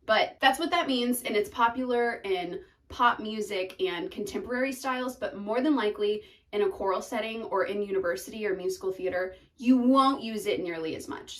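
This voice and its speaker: A young woman explains singing terms in an upbeat, chatty way, now and then singing a short note to show what she means. Her voice sits a little high. She sounds a bit distant from the microphone. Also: a bit bright. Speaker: voice teacher.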